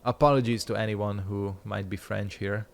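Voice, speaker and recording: Chatty low-voiced man gaming. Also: fairly even intonation, moderate pace, gravelly, slight background noise. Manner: rambling, chatty, swears freely. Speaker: streamer playing a game. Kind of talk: casual gameplay commentary.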